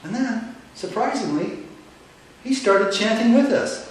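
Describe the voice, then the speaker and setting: A man telling a story on stage in a dramatic, animated way, with pauses for effect, heard from a distant mic in a large echoey hall. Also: very high voice.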